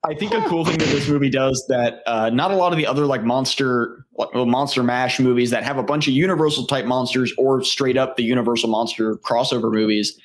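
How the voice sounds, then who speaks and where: A man co-hosting a movie podcast, reading out behind-the-scenes notes in a measured way with frequent fillers. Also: mid-range voice. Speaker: podcast host. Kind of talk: casual movie review chat.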